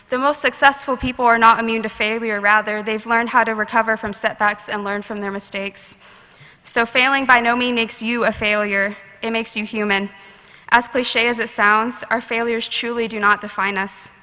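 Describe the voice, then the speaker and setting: Her voice a little high, pushed, and bright, a late-teen student speaks earnestly and from the heart at a podium mic during graduation. The large ceremony hall adds a long reverb.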